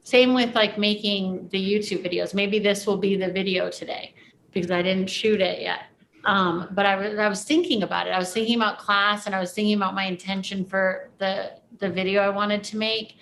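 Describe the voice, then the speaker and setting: A woman coaching a student in a relaxed, reflective way. Her voice sits at a mid pitch, and she fills her thoughts with plenty of casual fillers. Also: brisk, slight background noise, low-quality recording.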